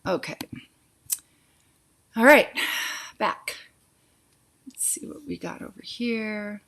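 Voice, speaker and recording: A woman hosting a casual live psychic Q&A, reading viewers' questions aloud and answering them with quick intuitive yes-or-no readings, calling viewers sweetie and honey. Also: medium pitch, creaky, fairly bright tone. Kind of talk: casual live-stream chat.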